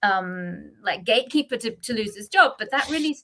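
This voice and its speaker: A middle-aged woman from the UK, reflecting in a casual chat and pausing often with fillers and restarts. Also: on the high side, expressive, pushed and bright, a little hiss or hum. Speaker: guest sharing her experience.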